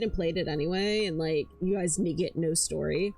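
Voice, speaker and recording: A woman's voice: on the low side, normal speed, darkish tone, slightly rough, faint music behind. A woman streaming, chatting casually and rambling, swearing often and tripping over her words, hyper but tired. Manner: rambling, swears a lot, stammers and repeats herself.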